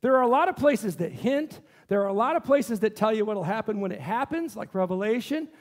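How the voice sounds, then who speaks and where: A male pastor with a notably high voice delivers an impassioned sermon in a church. He keeps turning to the congregation with questions and pressing his point. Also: expressive, fairly quick. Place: church sanctuary.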